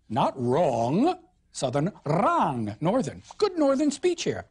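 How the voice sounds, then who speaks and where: A woman gives a literature lecture with animated, emphatic delivery. Her pitch swings widely, while her pace stays unhurried. A soft huskiness runs through her somewhat low voice. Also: breathy edge. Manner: animated, expressive, with emphatic stresses. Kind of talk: recorded lecture.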